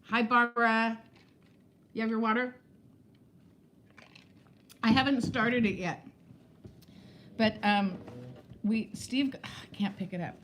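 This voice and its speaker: A woman's voice: on the high side, fairly even intonation, slow, pauses often, a bit bright, slight background noise. A woman in her fifties chatting casually on a home live stream, laughing often as she answers viewer comments. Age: 50s. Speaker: vlog host reading live chat. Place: home, indoors.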